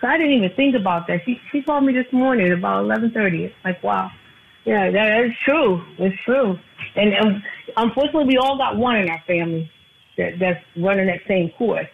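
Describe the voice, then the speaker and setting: A woman's voice: medium pitch, animated, brisk, gravelly, slight background noise. A woman calling into a radio show as an insurance agent guest, talking earnestly and repeating her phone number. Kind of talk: casual radio talk. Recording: tinny phone line.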